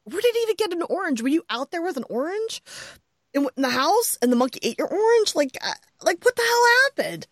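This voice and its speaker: A woman co-hosting a podcast from home, telling a story in a lively, exclaiming way and laughing often. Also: very high voice, brisk, no room sound. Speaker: podcast co-host. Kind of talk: casual chat. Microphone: headset earphones.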